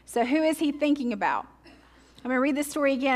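Woman, pastor, sermon, higher-pitched, conversational, rhetorical questions. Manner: reads scripture slowly and deliberately. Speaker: teaching pastor.

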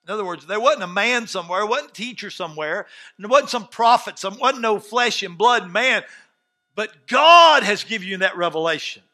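A man preaching a sermon as pastor, swinging from soft asides to shouted outbursts and acting out quoted dialogue. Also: high-pitched, animated, moderate pace. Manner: acts out quoted dialogue in scenes.

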